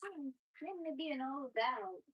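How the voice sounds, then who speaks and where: A woman's voice: high voice, animated, moderate pace, slightly rough, dull audio. A woman vlogger in casual talk as she eats, chatting and talking fondly to her dogs between bites. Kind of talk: casual eating vlog.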